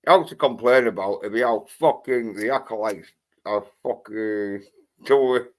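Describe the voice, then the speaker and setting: A man's voice: fairly low pitch, measured pace. A man hosting a livestream, ranting angrily and swearing constantly in a rambling way. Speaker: livestream host. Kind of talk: profane livestream rant.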